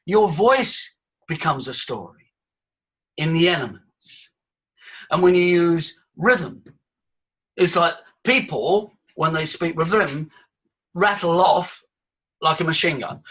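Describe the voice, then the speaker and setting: Exuberant older male voice coach, husky. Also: high voice, animated, measured pace. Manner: exuberant, theatrical, swings between loud and soft. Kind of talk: talk to a live audience.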